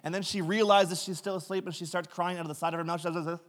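A pastor telling funny family stories in a sermon, recorded in a church sanctuary. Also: male voice, high voice, steady tone, fast talker. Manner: humorous anecdotal storytelling.

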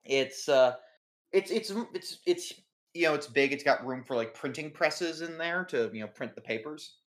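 A man's voice: fairly high pitch, normal speed. A man running a tabletop game as game master, describing scenes in a rambling way full of fillers.

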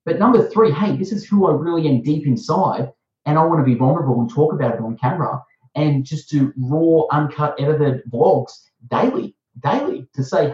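A man with an Australian accent hosting a casual interview, talking with rambling enthusiasm and pitching up for emphasis. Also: animated, fairly quick, darkish tone. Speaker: host. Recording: echoey, muffled sound.

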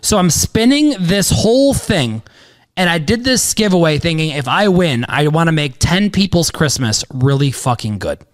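Casting: man, thirties, podcast host, fairly high voice, rambling and excitable, swears casually. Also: moderate pace. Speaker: podcast host, sports bettor.

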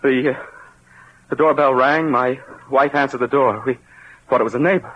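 An actor in a 1940s radio drama playing a prim wealthy husband who talks in a hesitant, defensive way. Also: male voice, medium pitch, steady tone, normal speed, slightly rough, lightly acted. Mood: nervous. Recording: muffled old radio recording.

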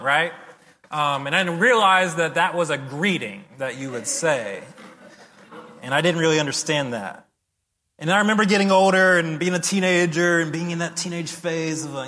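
Animated man preaching in a hall. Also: a little high, brisk. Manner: conversational, animated storytelling with acted-out reactions. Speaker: pastor. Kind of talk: sermon. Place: church sanctuary. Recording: long reverb of a large hall.

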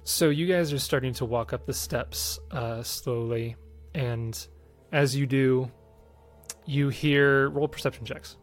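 A man narrating as game master, relaxed and hesitant, with many fillers. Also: mid-range voice, slow, faint music behind.

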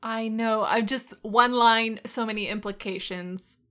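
Animated woman recapping an episode. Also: a little high, a little slow. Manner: animated recapping, acts out quotes. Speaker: podcast co-host. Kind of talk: casual chat, episode recap.

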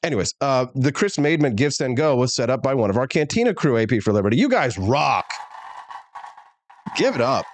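A man's voice: medium pitch, big pitch swings, brisk, slight background noise. A man hosting a political talk show, speaking candidly and emphatically. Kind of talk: casual political commentary.

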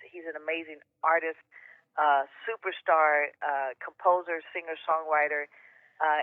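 Brief: woman musician, phone interview guest, warm and excitable, thin phone-line sound. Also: low voice, dry recording. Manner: warm, enthusiastic, laughs often. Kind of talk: casual interview over the phone. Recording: tinny phone line, dry.

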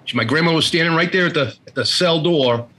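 A middle-aged man as an interview guest, candidly telling a personal story in a halting way, often repeating words and quoting family members. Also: a little high, sharp tone, breathy edge, rough recording.

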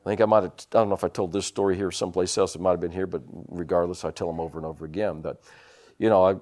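Speaking at a racing pace in a deep voice, a preacher delivers a sermon full of animated personal stories, breaking in often with amens and hallelujahs.

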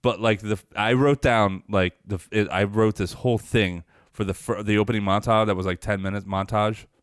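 Low-voiced man, casual podcast chat. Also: steady tone, moderate pace, clean tone, no echo, clean studio sound. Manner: rambling, swears a lot, many restarts. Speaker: podcast co-host.

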